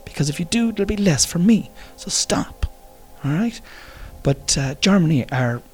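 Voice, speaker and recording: A man's voice: fairly high pitch, animated, moderate pace, slightly rough, soft background music. An Irish man ranting in a casual monologue, swearing freely and rambling with jokes. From Ireland. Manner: profane, rambling, joking. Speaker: vlogger.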